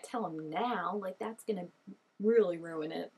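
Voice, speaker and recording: Chatty husky-voiced young woman. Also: fairly low pitch, unhurried, mellow. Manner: chatty and gushing, many "like" fillers, laughs often. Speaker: reaction video host. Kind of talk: casual reaction commentary.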